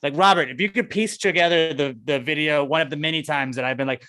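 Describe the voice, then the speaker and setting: A man's voice: a little high, fast, hardly any pauses. A man co-hosting a podcast, ranting in casual chat with lots of swearing. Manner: profane, excitable, rants with put-on quotes. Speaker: podcast co-host.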